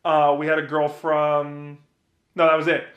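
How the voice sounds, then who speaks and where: A man's voice: a little high, completely flat delivery, measured pace, a bit bright, dull audio. A young man from New Jersey, co-hosting a podcast and telling a rambling story in casual chat, often repeating himself. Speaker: podcast co-host. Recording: roomy echo.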